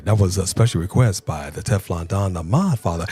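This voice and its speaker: A man's voice: sits low, normal speed, few pauses, slightly rough. A man co-hosting a live stream, chatting casually and playfully reading out viewer comments. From Southern California. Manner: energetic, playful, reads chat aloud.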